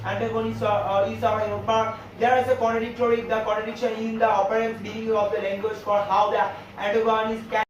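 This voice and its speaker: A man teaching a class on figures of speech, speaking haltingly with many fillers and repeated phrases. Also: sits high, little pitch movement, slight background noise. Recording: echoey room, distant lo-fi mic.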